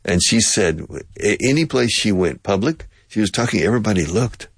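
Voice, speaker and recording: A man teaching English, chatty and digressive, with a laugh never far off. His low voice has a husky edge and swings widely in pitch. The sound is dry and close. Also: animated, brisk, no room sound. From Texas. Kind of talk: language lesson with drills.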